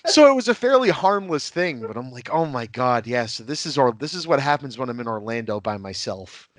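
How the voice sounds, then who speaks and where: A man's voice: medium pitch, sing-song, fairly quick, dry recording. Brief: male podcast guest, rambling storyteller, laughs often, dry close sound. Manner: rambling, laughs at own stories. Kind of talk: casual anecdotal storytelling.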